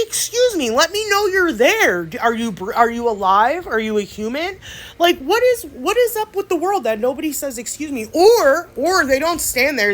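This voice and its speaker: Young woman, nail vlogger, slightly high and very lively, casual and chatty. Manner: animated storytelling, chatty, swears. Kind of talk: casual rant and tutorial chat.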